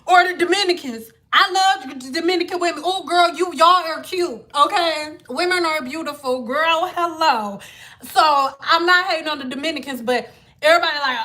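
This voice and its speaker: Bright-voiced woman ranting. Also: very high-pitched, moderate pace. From Detroit. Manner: blunt, ranting, swearing freely. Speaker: hair vlogger. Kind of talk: casual rant to camera.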